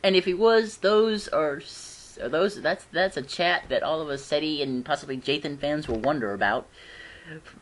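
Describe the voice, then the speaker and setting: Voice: mid-range voice, normal speed, slight background noise. Fan doing a rambly vid review at home, giggles a lot, keeps restarting sentences. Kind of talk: casual video review.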